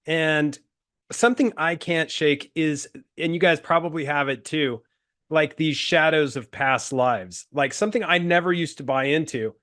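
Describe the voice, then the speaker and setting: A man from Utah speaking as a panel guest, telling a relaxed personal anecdote. His voice sits a little above the usual male pitch. He draws phrases out and pads them with easygoing fillers. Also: measured pace. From Utah, USA. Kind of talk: casual discussion, anecdote.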